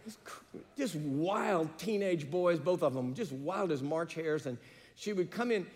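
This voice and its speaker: Storytelling preacher with a higher voice, in a reverberant hall. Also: male voice, lively intonation, unhurried, darkish tone. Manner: storytelling preacher, rising to emphatic peaks. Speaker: pastor. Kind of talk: sermon.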